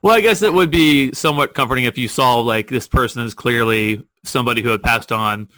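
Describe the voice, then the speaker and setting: Very low-voiced woman podcast host. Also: fairly quick, a bit bright, no echo. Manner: reacts with short exclamations and follow-up questions. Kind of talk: casual interview chat.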